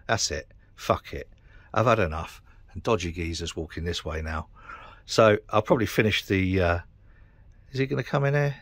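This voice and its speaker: A man's voice: sits low, normal speed, a bit bright, dry recording. A middle-aged man with a British accent, ranting to camera in a frustrated, sweary, rambling way. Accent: British English. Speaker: vlogger. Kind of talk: casual rant to camera.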